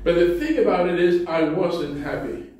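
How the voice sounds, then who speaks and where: A man's voice: sits high, expressive, moderate pace, darkish tone, muffled recording, slight background noise. A male pastor preaching a sermon in a church sanctuary, telling stories with self-deprecating humor in a conversational way. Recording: very echoey hall, distant mic.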